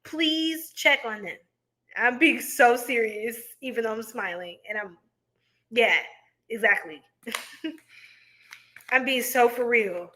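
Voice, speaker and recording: A young woman hosts a tarot livestream, reading out comments and joking with her chat. She speaks, breaks into laughter often and loves a pun. Her voice sits high and bright, and she takes her time. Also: slow pace, pauses often. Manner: giggly, playful, punning, laughs often. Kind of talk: casual live-stream chat reading viewer comments.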